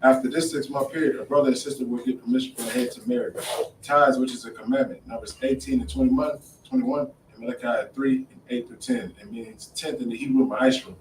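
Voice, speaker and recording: A man reading out class announcements in a brisk, matter-of-fact way, in an indoor classroom. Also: medium pitch, expressive. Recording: roomy, distant mic, faint noise.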